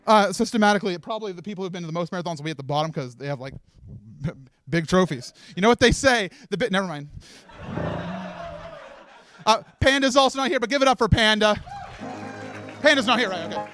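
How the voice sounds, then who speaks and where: A man's voice: sits high, lively intonation, fast, long pauses, sharp tone. A man hosting a live charity event, nervously rambling and laughing as he hands out awards, with faint music behind him. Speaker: host handing out awards. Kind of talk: emotional live event speech. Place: live stream event room.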